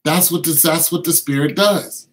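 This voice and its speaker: Emphatic preacher man, fairly high voice. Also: normal speed, poor audio. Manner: emphatic, repetitive, acts out tempting inner voices. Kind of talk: informal street sermon.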